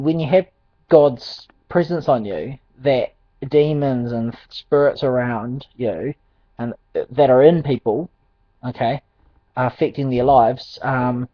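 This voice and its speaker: A Christian speaker shares his personal faith testimony casually, often hesitating with ums and restarts and chuckling along the way. His mid-pitched voice sounds close and dry with no echo, on a dull, lo-fi recording.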